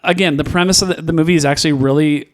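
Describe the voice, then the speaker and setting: This man's voice is a little high and fairly even, and he speaks rapid-fire as a podcast co-host in a casual review conversation. Rambling, he's full of fillers and restarts, and quick to laugh.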